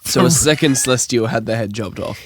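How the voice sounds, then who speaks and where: A man co-hosting a casual podcast, telling lively stories and asking cheeky questions. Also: mid-range voice, brisk, no echo. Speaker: podcast co-host.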